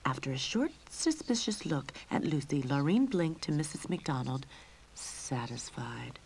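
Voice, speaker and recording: A woman narrating a game storybook in a soft, breathy reading voice. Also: very deep voice, very animated, unhurried, a little hiss or hum.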